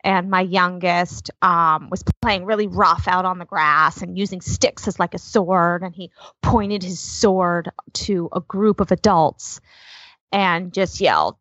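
A woman in her thirties co-hosting a casual chat, telling stories quickly and expressively. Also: on the low side, fairly bright tone, no echo. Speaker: podcast co-host. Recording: slightly dull lo-fi sound.

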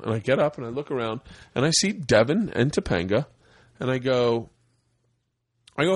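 Animated storytelling young man. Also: mid-range voice, moderate pace, pauses often, dry recording. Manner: animated, profane, acts out voices while telling a story. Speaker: podcast guest, stand-up comedian. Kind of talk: casual storytelling.

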